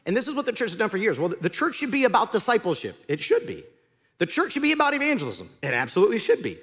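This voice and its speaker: A man preaching a sermon as pastor, in an animated, conversational storytelling way. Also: high-pitched, very fast.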